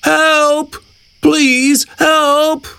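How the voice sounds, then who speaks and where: A man's voice: high-pitched, big pitch swings, slow, creaky, fairly bright tone, husky, dry recording, pitched above the performer's own voice, full character voice. A man doing a whiny greedy hippo. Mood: panicked.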